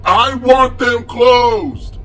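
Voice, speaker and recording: A man voicing a possessive, jealous male ghost in a low, hushed, controlling murmur. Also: drawn-out words, exaggerated voice. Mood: menacing.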